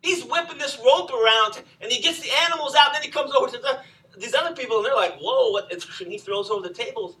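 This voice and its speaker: A man preaching a sermon, telling the story with animated swings from loud to hushed. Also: very high-pitched, fast, distant mic, low-quality recording. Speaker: pastor.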